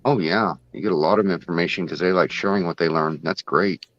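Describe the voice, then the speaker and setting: A man's voice: sits low, brisk, a bit bright, no room sound, highs cut off. A man chatting on a live stream, rambling through his explanations with lots of fillers. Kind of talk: casual live-stream chat.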